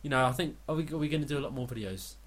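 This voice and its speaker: A man's voice: medium pitch, racing. A man co-hosting a podcast in casual comic chat, joking and talking in a hesitant, stop-start way. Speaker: podcast co-host.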